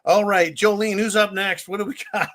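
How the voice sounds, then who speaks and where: A man's voice: high-pitched, fairly even intonation, normal speed, a bit bright. A man in his fifties from California hosting a live stream, joking and swearing as he reads out viewer donations. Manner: boisterous, profane and joking, reading donations aloud. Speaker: livestream host. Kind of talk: casual live-stream chat.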